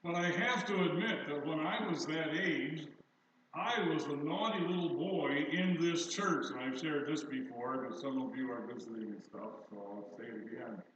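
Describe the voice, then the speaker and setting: A man's voice: on the high side, moderate pace, a bit bright, slight background noise. An older male pastor preaching a sermon in a conversational, storytelling way, with self-deprecating humor. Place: church sanctuary. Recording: distant, echoey, dull church recording.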